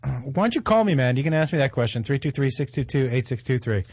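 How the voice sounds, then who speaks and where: A man's voice: medium pitch, lively intonation, fast, darkish tone, breathy edge, dry recording, clean studio sound. A man co-hosting a radio talk show, chatting casually with his co-host and callers, joking and reading quotes aloud with laughter.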